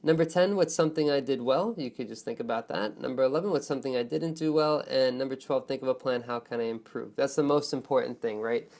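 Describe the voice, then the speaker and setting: A man teaching a speaking lesson to students. He talks in an expressive way, stretches key words for emphasis and keeps checking in with "right?" and "okay?". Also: mid-range voice, fast, few pauses. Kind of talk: online lesson on test speaking.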